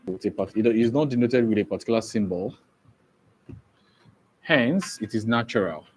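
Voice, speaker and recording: A man's voice: on the low side, a little mellow, husky. A man teaching an English exam-prep lesson, repeating each point and often asking if students understand. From Nigeria. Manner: slow, repetitive, checks understanding often.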